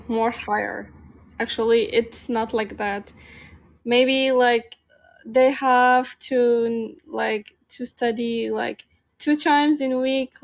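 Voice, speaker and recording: A woman whose first language is Arabic answers questions in a relaxed interview, her voice sitting a little high. She speaks English with hesitation and leans heavily on small filler words as she searches for her phrasing. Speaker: interview guest. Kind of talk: casual interview chat.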